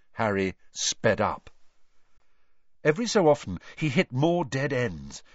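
A man giving a lively, dramatic storybook narration, in a dull, dry recording. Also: medium pitch, slightly rough, no echo. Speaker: audiobook reader.

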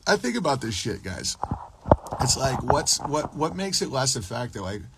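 A man's voice: mid-range voice, big pitch swings, moderate pace, creaky, heavy background noise. A man hosting a casual livestream podcast, ranting in a crude, profane, rambling and boastful way while answering his live chat.

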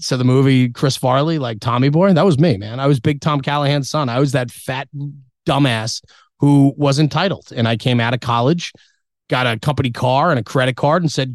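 Middle-aged male podcast guest, blunt and candid, mid-pitched, dry close recording. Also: dry recording. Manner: candid, blunt, mild swearing, many fillers. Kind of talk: casual interview storytelling.

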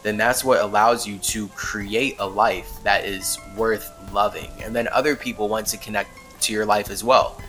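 A man's voice: fairly low pitch, fairly even intonation, moderate pace, few pauses, fairly bright tone, faint music behind. A man hosting a podcast, talking in a rambling, emphatic way and laughing often as he muses on spirituality. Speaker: podcast host. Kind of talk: casual spiritual monologue.

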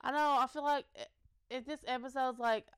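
A woman's voice: high-pitched, steady tone, a little fast, smooth, no room sound. A young adult woman co-hosting a podcast in casual chat, joking and laughing often. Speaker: podcast co-host.

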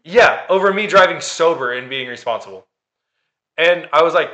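A man's voice: on the high side, lively intonation, moderate pace, bright, forceful tone. A man telling a dating story in casual chat, sarcastic and swearing freely. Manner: sarcastic, profane.

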